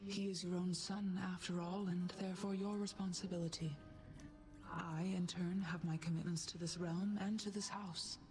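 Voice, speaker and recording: Grave night goddess played by a woman, low, measured, formal, music behind. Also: flat delivery, lightly acted. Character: ancient female goddess of night, calm and grave. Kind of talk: video game voice acting.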